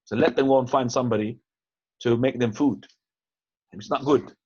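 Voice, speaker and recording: Husky-voiced man teaching, lo-fi sound. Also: mid-range voice, fairly even intonation, moderate pace, a little mellow. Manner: casual and conversational, mixes in Arabic phrases, frequent restarts. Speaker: teacher answering questions. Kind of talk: lecture with questions. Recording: dull, lo-fi upload.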